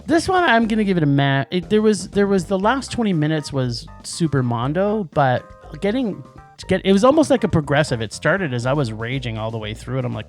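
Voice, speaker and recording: A man's voice: on the high side, big pitch swings, fairly quick, soft background music. A man co-hosting a movie podcast in casual chat, rambling with restarts and laughs. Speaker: podcast co-host.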